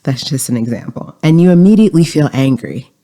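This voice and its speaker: A podcast host giving calm, explanatory self-help advice in a coaching tone. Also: mid-range voice, fairly quick.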